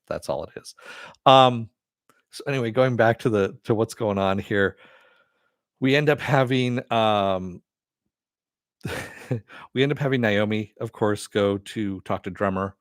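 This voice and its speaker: A man's voice: on the low side, no echo, studio quality. Rambling, chuckling male show reviewer. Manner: rambling, laughs often, many fillers. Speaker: show host. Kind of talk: casual live-stream TV review.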